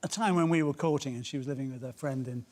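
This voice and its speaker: A man's voice: medium pitch, fast talker, a little mellow. An older man, a chat show guest, telling dry, self-deprecating stories.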